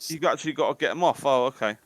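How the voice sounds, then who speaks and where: A man's voice: medium pitch, racing, no echo. A man, joking and swearing in casual chat while playing a game on a podcast. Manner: joking, swearing, laughs a lot. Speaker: podcast host and gamer.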